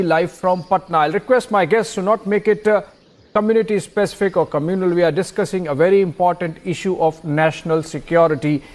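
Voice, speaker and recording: A man moderating a live TV news debate, pressing guests with pointed questions and cutting in. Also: high-pitched. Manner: pressing, interrupting, rhetorical questions.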